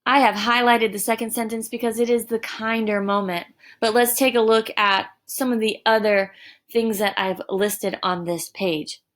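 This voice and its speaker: Woman, teacher, recorded lesson, unhurried, deliberate explaining. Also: medium pitch, fairly bright tone. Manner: deliberate, explaining with emphatic examples. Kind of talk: recorded distance-learning lesson. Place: home.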